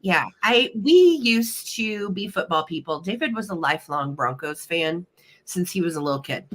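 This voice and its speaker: A woman's voice: lowish voice, moderate pace, fairly bright tone. A woman from Missouri hosting a live vintage sale stream, chatting and greeting viewers by name, her voice a little choked up with a slight cough. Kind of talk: casual live-stream chat.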